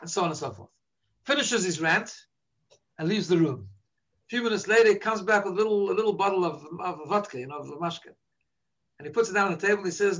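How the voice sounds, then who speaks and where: Man w a pretty high voice lecturing a crowd, chatty storytelling, keeps asking "right?". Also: lively intonation, quick pace, highs cut off. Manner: storytelling, frequent "right?" checks. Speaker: religious teacher. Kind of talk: informal lecture to a live audience.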